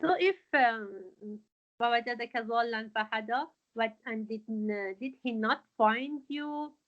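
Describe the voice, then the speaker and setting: A woman's voice: fairly high pitch, animated, takes it slowly, dull audio. A woman teaching a Quran lesson, explaining verses word by word with frequent fillers and restarts. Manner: hesitant, many fillers and restarts.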